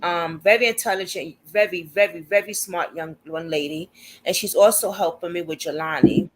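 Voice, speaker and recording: A woman's voice: fairly low pitch, normal speed, rough recording. A woman hosting a casual livestream, chatty and informal, laughing often as she talks. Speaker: livestream host.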